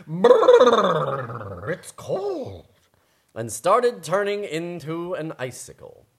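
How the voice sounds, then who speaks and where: Low-voiced woman reading a story. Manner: relaxed, laughing, playful. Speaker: co-host and story reader. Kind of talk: bilingual chat with storybook reading.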